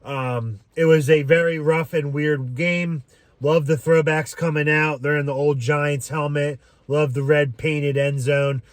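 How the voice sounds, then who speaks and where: A man rambles through his reaction to a game like an off-the-cuff fan commentator, saying "um" a lot and swearing freely. His voice is a bit high for a man, with fairly even intonation and a measured pace. It sounds close and dry, with no room sound.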